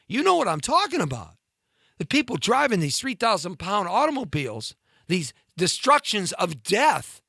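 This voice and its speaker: A man's voice: sits high, bright, forceful tone, no room sound, clean studio sound. A man hosting a talk show, ranting in an indignant monologue full of rhetorical questions, his throat congested.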